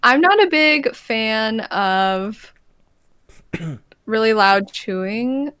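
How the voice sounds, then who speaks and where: A woman's voice: a little high, lively intonation, very slow, pushed and bright, smooth, no room sound, clean studio sound. A woman, an ASMR streamer, chatting as an interview guest in a bubbly, giggly way, full of "like" and acted-out quotes. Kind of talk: casual interview chat.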